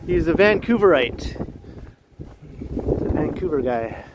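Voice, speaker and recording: Walking outdoors along a snowy street at evening, a Canadian man runs a relaxed livestream, greeting chatters by name and laughing frequently. His slightly high voice has lively intonation, but he takes it slowly with long pauses, and background noise is audible.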